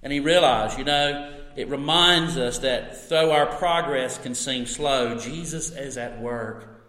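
A man preaching a sermon as pastor, telling a story with lively energy and easing into soft, slow reflection. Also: mid-range voice. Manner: storytelling, animated when recounting, soft and slow on reflective points. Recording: echoey hall.

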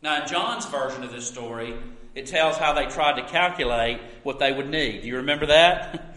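Animated preaching man in an echoey hall. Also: mid-range voice, moderate pace. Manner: animated preaching, swings between loud and hushed. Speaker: pastor. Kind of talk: sermon.

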